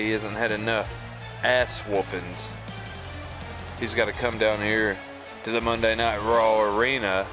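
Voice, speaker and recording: A man commentating on his own game playthrough in a casual, rambling, wry way. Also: on the low side. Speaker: gaming commentator. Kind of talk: let's play commentary.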